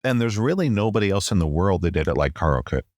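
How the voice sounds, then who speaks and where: A middle-aged man in a podcast interview, telling a long personal story with lively acted-out quotes and a habit of saying "long story short". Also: low-pitched, fast, no echo, clean studio sound. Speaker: podcast guest.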